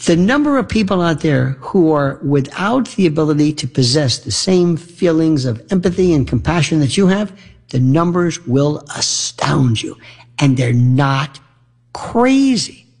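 A man hosting a talk radio show, speaking in an opinionated monologue full of rhetorical questions. His voice is gravelly with a husky edge, and his pitch swings widely as he acts out both sides of imagined exchanges. He sits a little higher than most men. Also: expressive, moderate pace, darkish tone.

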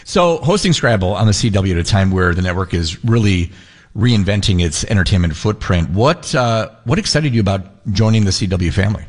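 A man's voice: lowish voice, expressive, brisk. A man hosting a talk show. He reads a scripted intro, then chats with his guest and laughs easily.

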